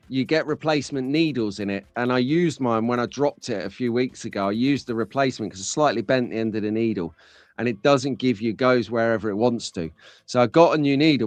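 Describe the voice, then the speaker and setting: A man's voice: mid-range voice, no room sound. A man hosting a casual live stream, chatty and jokey, talking to viewers by name.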